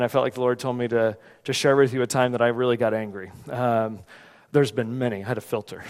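Male pastor preaching in a reverberant hall. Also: medium pitch. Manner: conversational, animated storytelling. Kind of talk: sermon with a personal story. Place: church sanctuary.

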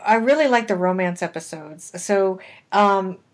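A woman co-hosting a casual podcast chat, chatty and quick to laugh. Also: medium pitch. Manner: chatty, laughs often, romantic enthusiast. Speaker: podcast co-host.

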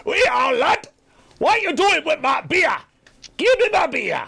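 A man putting on a loud, brash woman with a Northern English accent for a comic radio bit, straining to sound gravelly. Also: very high voice, sing-song, unhurried, voice pushed up, exaggerated voice. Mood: bellowing. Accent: put-on Northern English.

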